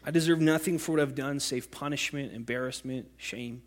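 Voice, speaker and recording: A man's voice: medium pitch, brisk. A man preaching a sermon as pastor, earnest and rising to impassioned cries when he quotes scripture.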